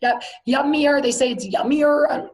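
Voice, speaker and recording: A woman teaching a text study class, reading passages aloud and explaining them in a lively way while often questioning her students. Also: sits high, a little slow, crowd noise. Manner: lively, reads Hebrew then explains in English.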